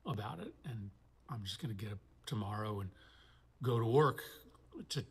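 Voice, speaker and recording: Husky-voiced senator speaking earnestly. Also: male voice, on the low side, lively intonation, moderate pace. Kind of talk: political speech in clips.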